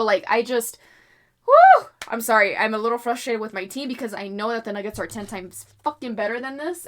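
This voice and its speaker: A young adult woman reading tarot cards for sports predictions in a casual chat to her viewers, animated, swearing freely and often apologizing. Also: fairly high pitch. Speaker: tarot reader predicting basketball games.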